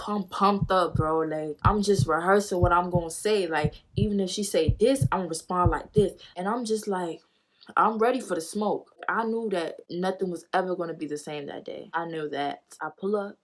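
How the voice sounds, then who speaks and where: A woman's voice: on the low side, normal speed, a little hiss or hum. A young woman vlogger telling a storytime in a casual way, blunt and profane, full of slang, who acts out the dialogue. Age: young adult.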